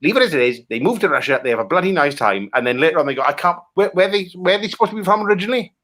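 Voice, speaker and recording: A Welsh man with a bright, forceful voice that swings up and down a lot. He rants crudely through improvised comedy chat, swearing freely as he pulls film pitches apart. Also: sing-song, rapid-fire. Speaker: comic guest critiquing film pitches.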